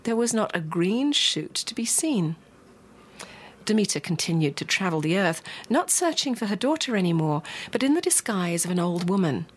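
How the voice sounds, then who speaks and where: A woman telling a myth in a gentle, expressive, unhurried way. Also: fairly low pitch, breathy edge. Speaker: storyteller. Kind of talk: myth storytelling.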